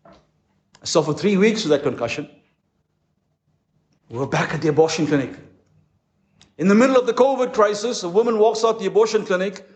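Man, pastor, impassioned sermon, dramatic pauses, high voice, echoey conference hall. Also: darkish tone.

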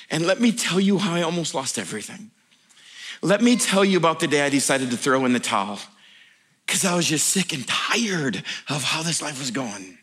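A male pastor preaching a sermon in an animated, humorous way, building at times to near-shouts. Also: a little high, moderate pace.

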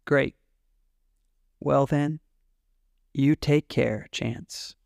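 A man voicing a warm, kindly Australian man who speaks in a tender, reassuring way. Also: on the high side, level tone, measured pace, gravelly, no room sound, clean studio sound.

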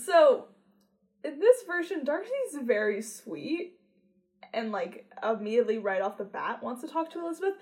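A woman with a somewhat high voice, casually walking through her notes on a film. She recounts each scene in a steady, conversational way. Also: moderate pace. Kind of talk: casual chat.

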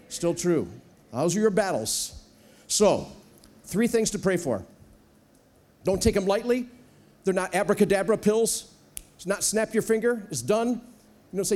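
A high-pitched man preaching to a church congregation as a guest speaker. He is animated and playful, slipping into little acted-out voices to make his points. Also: moderate pace, pauses often. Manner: animated, acts out voices with humor. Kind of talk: sermon. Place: church sanctuary.

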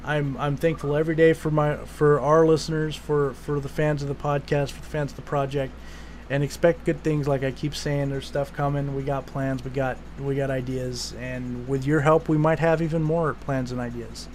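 A man's voice: fairly high pitch, little pitch movement, normal speed, a little mellow, slight background noise. A man hosting a podcast, talking in a rambling, casual way with swearing and restarts. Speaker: podcast host.

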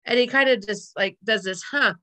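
A woman's voice: a little high, moderate pace, bright, forceful tone. A woman casually retelling a sitcom episode, rambling with fillers and giggling often. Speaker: podcast co-host recapping a sitcom episode. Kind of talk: casual chat.

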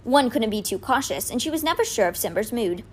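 A woman reading a children's novel aloud as an expressive storyteller. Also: a little high, a little fast, slightly rough. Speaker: reader.

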